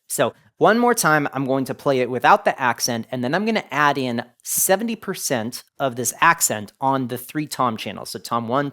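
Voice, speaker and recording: A man hosting a casual audio-gear tutorial, explaining settings step by step in a relaxed, chatty way. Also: medium pitch. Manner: lively, relaxed explaining with many "go ahead" phrases.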